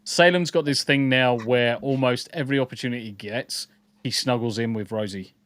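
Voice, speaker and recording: A man's voice: medium pitch, a little fast, fairly bright tone. A man from the English Midlands with a mixed English accent, partly southern, co-hosting a podcast in casual chat, reading comments with rambling jokes. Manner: rambling, jokey, repeats words. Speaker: podcast co-host.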